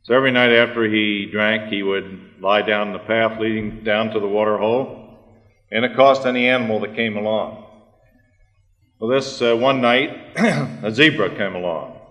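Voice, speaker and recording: A man giving a prepared conference talk, measured and deliberate, with fillers and throat clearing. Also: on the low side, fairly bright tone. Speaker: conference speaker. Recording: reverberant hall, archive recording.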